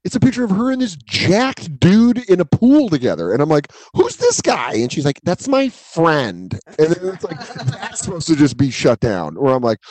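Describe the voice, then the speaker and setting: Animated, swearing male podcast co-host. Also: fairly high pitch, brisk, hardly any pauses. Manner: animated, swears a lot, acts out quotes in shifting voices. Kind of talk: casual storytelling chat.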